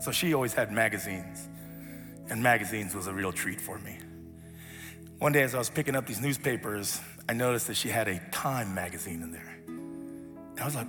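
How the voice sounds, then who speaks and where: A man giving a storytelling sermon as a pastor, animated, acting out voices and sinking to a soft hush. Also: fairly low pitch, normal speed, pauses often. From grew up as an immigrant. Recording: reverberant hall with faint music.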